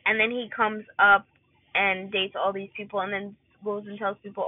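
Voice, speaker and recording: A woman's voice: medium pitch, fairly even intonation, normal speed. A young woman venting casually about her love life and a coworker, rambling and exasperated with lots of fillers. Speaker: vlogger. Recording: tinny phone-like dry recording.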